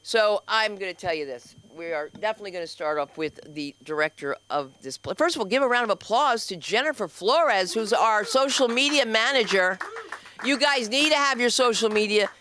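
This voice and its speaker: A woman doing a stand-up comedy set and hosting an open mic, loud and animated, acting out the people in her stories. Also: medium pitch, moderate pace. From New York. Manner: loud, animated storytelling with acted-out quotes. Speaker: comedian and host. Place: small comedy club stage.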